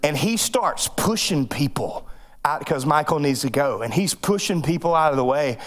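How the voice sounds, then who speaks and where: A male pastor, telling a personal story in a sermon, animated and joking, with bursts of loud voices. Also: a little high, moderate pace. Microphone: microphone.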